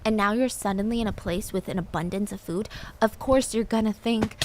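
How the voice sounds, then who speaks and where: A woman's voice: mid-range voice, fairly quick, darkish tone, a little hiss or hum. A woman narrating a true story in a casual, chatty way, with filler words and personal asides.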